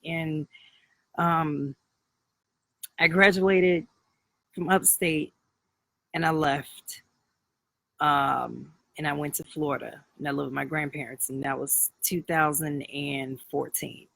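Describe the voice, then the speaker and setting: A man's voice: a little high, fairly even intonation, slow, vocal fry, long pauses, fairly bright tone, dry recording, low-quality recording. A man around thirty talking candidly on a live video, rambling through a personal story with many fillers and restarts. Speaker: livestream host.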